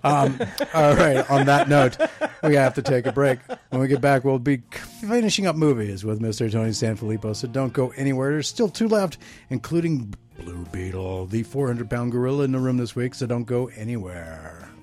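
A man's voice: mid-range voice, animated, moderate pace, darkish tone, faint music behind. A man hosting a pop culture radio show, chatting casually and joking as he runs a movie review panel. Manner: jokey, rambling, laughs often. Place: radio studio.

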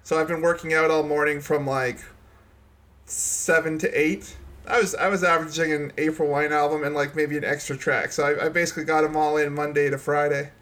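A man's voice: on the high side, little pitch movement, a little fast, a bit bright. A man co-hosting a podcast, telling easygoing personal stories. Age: 20s or older. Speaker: podcast co-host. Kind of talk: casual chat.

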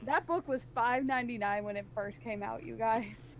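A woman's voice: fairly high pitch, normal speed. A woman on a casual podcast telling a story, chatty and full of "like" and "um" fillers. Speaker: podcast co-host. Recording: faint background noise.

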